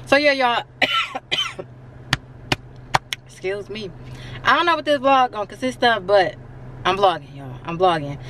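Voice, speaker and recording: In a mid-range voice with a bit of brightness, a young woman talks casually to her vlog viewers, chatty and always saying "y'all." The footage moves from her car to her home. Her handheld camera mic adds a little hiss or hum.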